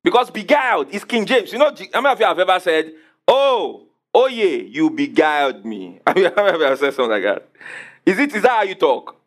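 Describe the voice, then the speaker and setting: A pastor preaches with a high, lively voice that swings widely in pitch. He keeps asking the congregation to answer him. He slows down to repeat and spell out important words. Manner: emphatic preaching with call-and-response questions. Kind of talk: sermon.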